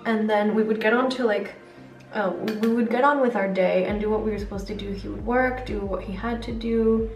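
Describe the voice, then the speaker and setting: A woman's voice: medium pitch, fairly even intonation, a little fast. A young adult woman vlogging chattily while doing her makeup, rambling with lots of fillers. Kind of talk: chatty get-ready-with-me vlog. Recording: roomy echo, distant mic, faint music.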